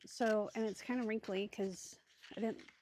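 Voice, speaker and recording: A woman's voice: mid-range voice, fairly even intonation, moderate pace, warm tone, slight background noise. A woman hosting a crafting video, chatting casually and thinking aloud with many ums and asides as she sorts supplies. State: hiccups. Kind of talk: casual crafting tutorial chat.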